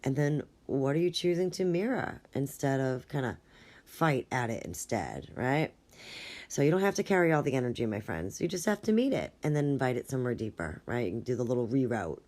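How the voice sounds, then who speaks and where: Woman, low voice, casual podcast host, relationship coach, chatty, keeps asking "right?". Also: big pitch swings, a little fast, a little mellow. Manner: chatty, frequent "right?" tag questions, laughs easily. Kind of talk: casual solo podcast advice.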